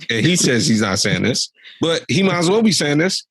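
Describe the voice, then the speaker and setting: A man's voice: fairly high pitch, sing-song, fairly quick, husky, no room sound. A young adult man co-hosting a podcast, ranting animatedly about politics in exasperated casual commentary. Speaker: podcast co-host.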